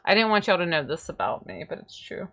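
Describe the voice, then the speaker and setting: A woman's voice: fairly low pitch, lively intonation, quick pace, creaky, fairly bright tone. A woman chatting casually on a livestream as a VTuber, giggling and rambling playfully to herself and her viewers. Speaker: VTuber streamer.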